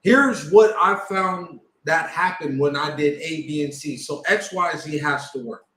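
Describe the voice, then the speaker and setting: A man with a fairly high voice chats casually and keeps pushing questions back at the other speaker. His voice rings in an echoey room. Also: unhurried, a bit bright. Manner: conversational, probing questions. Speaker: podcast co-host. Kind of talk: casual podcast discussion.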